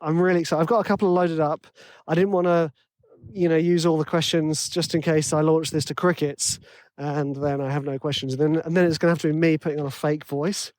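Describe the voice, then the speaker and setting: An excitable man with a tenor voice talks straight into a podcast mic, rambling and poking fun at himself. His voice sits fairly high for a man, and the sound is close and dry with no room around it. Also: a little fast, no room sound. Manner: excitable, rambling, self-deprecating, chatty with restarts. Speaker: podcast host and composition coach. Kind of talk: casual solo podcast monologue.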